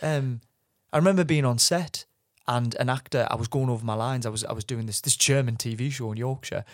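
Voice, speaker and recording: A man's voice: medium pitch, a little fast, no echo. Chatty man, dry sound. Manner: animated storyteller, acts out quoted voices. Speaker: podcast co-host. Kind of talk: casual chat.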